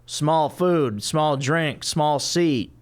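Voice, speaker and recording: A man voicing a neurotic young stand-up comic with a high, nervous delivery. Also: extremely slow. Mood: joking.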